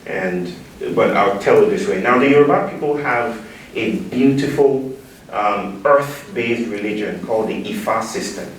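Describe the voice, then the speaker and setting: A man's voice: lowish voice, measured pace, a little hiss or hum. Man giving a keynote in an echoey hall. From Nigeria. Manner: warm, playful, audience call-and-response. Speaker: keynote speaker. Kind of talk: public talk. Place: large room with an audience. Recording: echoey hall, distant mic.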